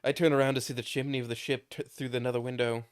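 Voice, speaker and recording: A man's voice: mid-range voice, level tone, fast talker, smooth. A man reading a game's narration aloud in a casual way, sometimes stumbling over words and laughing. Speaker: streamer reading a visual novel aloud.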